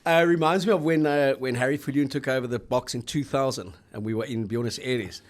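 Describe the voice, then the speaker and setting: A man's voice: mid-range voice, fairly quick. A middle-aged man hosting a casual rugby chat, telling rambling, anecdotal stories. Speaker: host.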